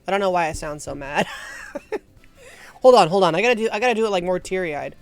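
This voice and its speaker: Chatty, lively woman streamer. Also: mid-range voice, a little fast, no room sound, faint music behind. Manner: chatty, self-mocking, laughs often. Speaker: game streamer. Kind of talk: casual live gameplay commentary.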